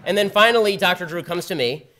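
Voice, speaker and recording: A man giving a public talk at a campus event, telling a story in a rapid, sardonic way. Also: high-pitched, animated, sharp tone. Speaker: guest speaker at a campus event. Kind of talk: public talk with a told anecdote. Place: university event before a live audience.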